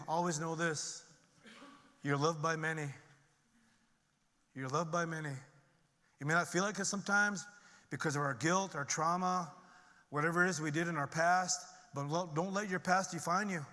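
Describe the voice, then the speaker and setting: Man, middle-aged, heartfelt and emphatic, bright forceful tone, fairly high voice. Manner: earnest and emphatic, climbing in pitch and volume when stirred. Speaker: conference speaker. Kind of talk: personal recovery testimony to an audience. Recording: long reverb of a large hall.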